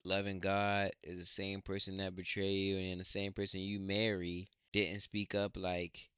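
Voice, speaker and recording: Male reaction host, very deep and smooth, blunt and slangy. Dry, dull mic. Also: level tone, normal speed, few pauses, a bit bright, no echo. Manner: blunt slangy talk with fillers. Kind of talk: casual reaction commentary.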